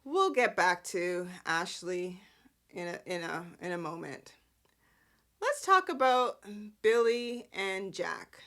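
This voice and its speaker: A woman's voice: on the low side, very animated, slow pace, sharp tone. A woman hosting a podcast, recapping soap opera episodes in a chatty, sarcastic way with lots of "like" fillers. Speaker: podcast host.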